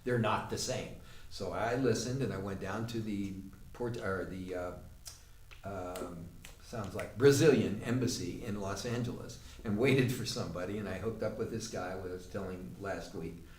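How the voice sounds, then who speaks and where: A man's voice: on the low side, moderate pace. A man teaching an acting class, telling a long anecdote in a conversational way with fillers. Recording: roomy, distant mic with faint noise.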